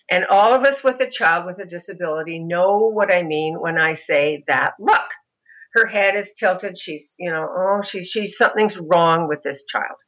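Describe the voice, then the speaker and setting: A middle-aged woman, a mother of a son with a disability, telling her story in an interview in an animated way. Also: on the low side, poor audio. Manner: animated, mimics other voices in anecdotes.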